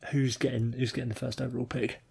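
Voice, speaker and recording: A British man co-hosting a podcast, swearing freely with a wry, drawn-out delivery. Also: medium pitch, flat delivery, vocal fry, a little mellow, husky. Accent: British English. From Britain. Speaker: podcast co-host. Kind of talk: casual chat.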